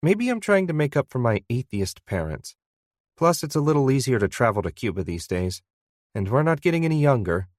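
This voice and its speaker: A teasing, quick-witted woman, as a male audiobook narrator puts her on, her pitch lifted above his own and full of lively ups and downs. She jokes easily with an old friend. The read is close and dry, with no room sound. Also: dry recording, close to an everyday voice. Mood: earnest. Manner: light, teasing.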